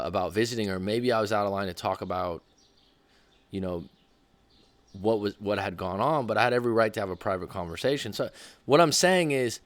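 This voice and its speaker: A man's voice: on the low side, no room sound. A man, a dating coach, telling a personal story in a candid, rambling way that often corrects itself.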